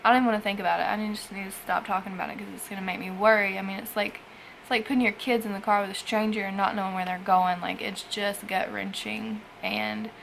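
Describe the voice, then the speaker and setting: A young woman speaks in a personal vlog, emotional after a night of crying, her sentences halting and trailing off into sighs. Her voice has a gravelly fry and stays fairly level in pitch. A faint hiss sits under the recording. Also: level tone, a bit bright, low-quality recording. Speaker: foster parent vlogger.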